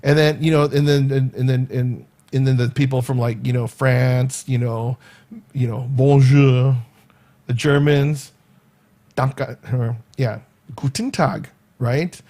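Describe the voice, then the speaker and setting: Hosting his own vlog, a middle-aged man rambles loosely through a casual monologue full of fillers and restarts. He speaks unhurriedly at a medium pitch, his tone steady and a little mellow.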